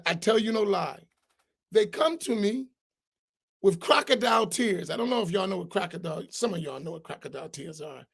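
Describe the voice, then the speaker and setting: A man with a notably high voice speaks as an imam in a mosque class. He talks bluntly and emphatically, in a loose, colloquial way. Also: vocal fry.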